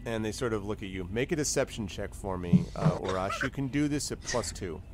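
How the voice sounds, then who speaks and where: A man running a tabletop role-playing game as game master, narrating in a halting, rambling way. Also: lowish voice, expressive, very noisy. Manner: rambling, halting, lots of fillers.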